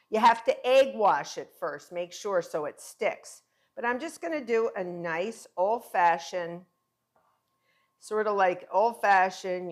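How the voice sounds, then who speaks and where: Middle-aged woman, home cooking teacher, encouraging and conversational, mid-range voice. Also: medium pitch. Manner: encouraging, chatty, talks viewers through each step. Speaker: cooking instructor. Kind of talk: cooking demonstration.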